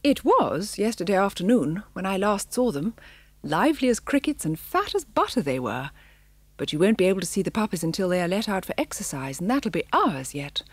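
A woman voicing a brisk, friendly female tabby cat who talks in a chatty, homely way in an audiobook. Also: medium pitch, sing-song, husky, no echo.

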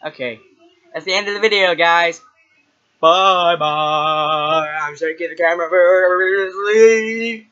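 A young man vlogging in a loose, offhand way, mumbling his asides between bits. His voice is bright and edgy, and it comes through a muffled, lo-fi recording. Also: high voice, takes it slowly, clear, resonant tone. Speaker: impressionist vlogger. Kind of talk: casual vlog chat. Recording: dull lo-fi recording.

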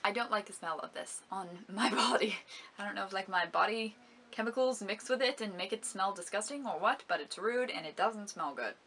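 A young woman reviews beauty products in a casual vlog, with a bright, clear voice. She is chatty and giggly and complains dramatically, and there is faint noise underneath. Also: medium pitch, fairly quick. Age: young adult. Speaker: beauty vlogger.

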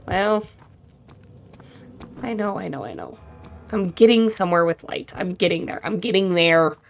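A woman's voice: fairly low pitch, animated, normal speed, creaky, soft background music. A young woman giving sarcastic let's-play commentary, talking to herself as she plays and swearing freely. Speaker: gaming streamer.

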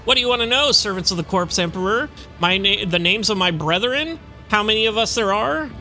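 A man's voice: high voice, lively intonation, a little fast, bright, forceful tone, soft background music, voice pushed up, heavily acted. A man reading the lines of a mad, arrogant male cultist in a video game, with a taunting manner. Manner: taunting, grating laughter.

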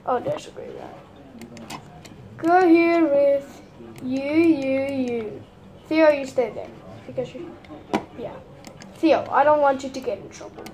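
A woman's voice: high voice, takes it slowly, long pauses, darkish tone, slight background noise. A woman using a put-on Irish accent, giving rambling, hesitant gameplay commentary full of fillers. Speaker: gamer.

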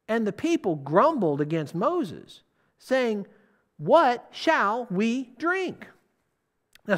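A preacher giving a sermon, putting questions to the listeners and stressing key words. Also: mid-range voice.

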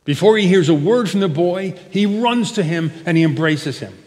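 A man's voice: high voice, moderate pace. Preaching man in a reverberant church. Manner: expressive preaching, swells loud then drops soft. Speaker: pastor. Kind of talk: sermon. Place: church sanctuary. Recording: church hall with long reverb.

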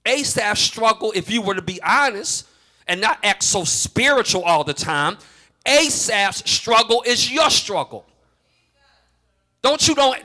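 A middle-aged male pastor preaching a sermon in a call-and-response style that builds to shouts. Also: high-pitched.

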